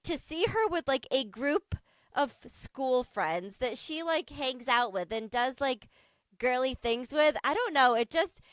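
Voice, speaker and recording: A woman in her thirties chats on a podcast, her voice a little high and smooth. She tells stories with animated energy, laughing often and swearing freely. The recording is dry and close. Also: measured pace, no room sound. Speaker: podcast co-host. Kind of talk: casual chat.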